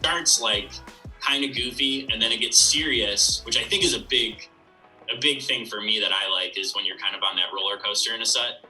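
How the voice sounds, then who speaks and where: A man's voice: on the low side, normal speed, distant mic, over music, rough recording. A man being interviewed about his comedy, talking in a rambling, reflective way with lots of fillers. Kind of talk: casual interview talk.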